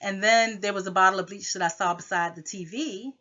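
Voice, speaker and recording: A woman's voice: medium pitch, fairly even intonation, a little fast, bright, forceful tone, lo-fi sound. A woman rambling through a personal conflict story, full of filler phrases.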